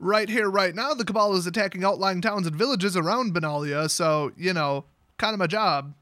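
Dude doing a dutiful lady knight, matter-of-fact, bright tone. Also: high voice, moderate pace, dry recording, clean studio sound.

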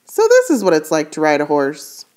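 A woman's voice: mid-range voice, expressive, moderate pace, darkish tone, close to an everyday voice. A woman reading aloud voices the scattered, wondering inner thoughts of a young girl on a runaway ride.

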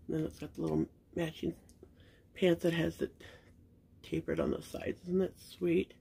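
Her deep, warm, slightly rough voice carries vocal fry and long pauses, at a normal speed with fairly even intonation. The speaker, a middle-aged woman who hosts a channel and collects reborn dolls, gushes sentimentally over baby clothes in a casual unboxing chat to viewers, using frequent fillers.

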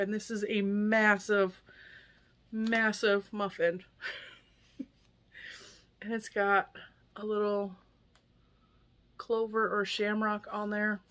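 Slow and pausing often, her mid-range voice shows little pitch movement but a fairly bright tone. The speaker is a crochet YouTuber from the United States, in her forties, who chats casually and emotionally with frequent laughter while opening yarn gifts for her audience.

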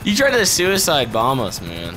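A young man streams a video game with a friend, swearing, laughing and exclaiming at the game in casual chat. His medium-pitched voice is bright and forceful with huge pitch swings at normal speed, over noisy stream audio.

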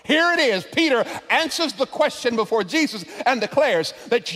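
A preaching pastor with a strikingly high voice, heard in a large church where his words ring with a long reverb. He restarts phrases and repeats words as he builds momentum, then rises to shouted peaks. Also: expressive, normal speed, few pauses. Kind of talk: sermon.

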